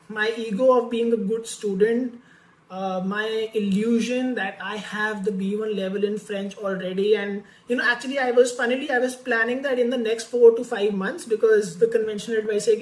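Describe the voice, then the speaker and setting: A woman's voice: on the high side, steady tone, moderate pace, reverberant, poor audio. A woman vlogger telling a candid personal story about learning French, talking casually with many fillers and restarts.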